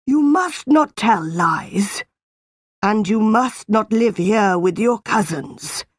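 A woman voicing a stern, cruel tall man who owns a school, speaking slowly and threateningly. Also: medium pitch, lively intonation, breathy edge, dry recording, clean studio sound. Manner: slow, preaching, threatening.

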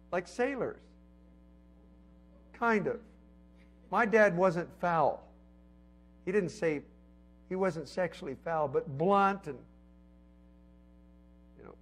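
Man, middle-aged, high voice, preaching, lively swings between loud and hushed. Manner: conversational preaching with emphatic swells and soft drops. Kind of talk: sermon.

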